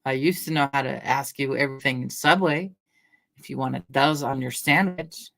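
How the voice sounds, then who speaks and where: A middle-aged woman from Washington State chats on a casual livestream, reading out names from the chat as she goes. Her voice sits low for a woman, and she rambles easily from one story to the next with frequent laughs. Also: normal speed, vocal fry. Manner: chatty, rambling, laughs often, greets viewers by name. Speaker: livestream host. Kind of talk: casual chat with live chat readers.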